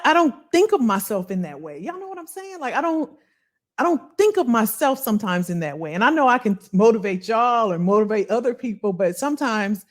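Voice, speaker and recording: Animated woman chatting on a livestream. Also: a little high. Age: 50s. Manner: animated, chatty, reads and answers live chat, addresses viewers as y'all. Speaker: career coach livestream host. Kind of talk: casual livestream talk to viewers.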